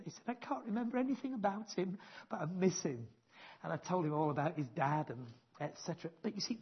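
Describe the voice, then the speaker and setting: A man delivers a sermon in an earnest, emphatic way, leaning hard on key words and sometimes poking gentle fun at himself. His voice has a husky edge. The recording is dull and lo-fi. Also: high voice. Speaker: preacher.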